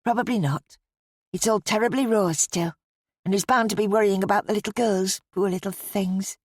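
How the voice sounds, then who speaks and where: A practical, kind-hearted young woman, gentle and sympathetic in her speech with a light, playful edge, as a woman narrator puts her on. The recording is close and dry. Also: medium pitch, steady tone, normal speed, no echo, natural voice.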